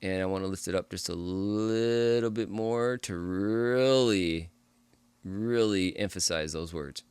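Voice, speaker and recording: A man hosting a music production tutorial, explaining step by step in a relaxed, casual way as he works. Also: low voice, slow, clean tone, no room sound. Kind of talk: casual screen-recorded tutorial.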